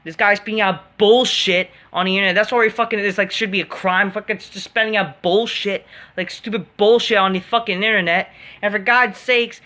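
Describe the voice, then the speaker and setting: A woman's voice: medium pitch, fairly even intonation, brisk, pushed and bright. A woman hosting an online commentary video, delivering an angry, profane rant full of fillers, restarts and constant swearing.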